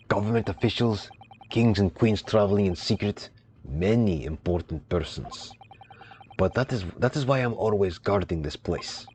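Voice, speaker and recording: A man voicing a gruff, proud ship's crewman who speaks blunt, broken English. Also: on the low side, a little mellow, a little hiss or hum, natural voice.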